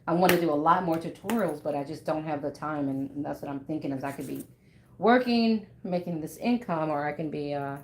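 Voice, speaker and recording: A woman in her thirties talks with her viewers while she works at her sewing table. Her voice sits a little low and she laughs often. The room has a noticeable echo and a faint hiss behind her. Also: brisk, darkish tone. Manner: chatty, laughs often, talks to chat by name. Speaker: bag maker live-streaming while sewing. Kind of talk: casual chat with viewers. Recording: echoey room.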